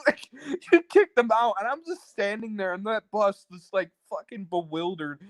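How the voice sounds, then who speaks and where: A man's voice: high-pitched, moderate pace, a bit bright, no echo, low-quality recording. A man telling a story as a guest on a talk show, rambling and cursing, full of fillers, acting out what others said. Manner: rambling, profane, many fillers; acts out quoted people. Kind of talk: casual storytelling.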